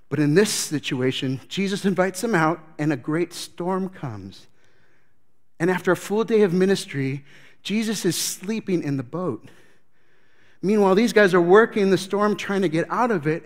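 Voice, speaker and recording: Animated male pastor preaching. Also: fairly high pitch. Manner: animated storytelling, acts out scenes. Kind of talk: sermon.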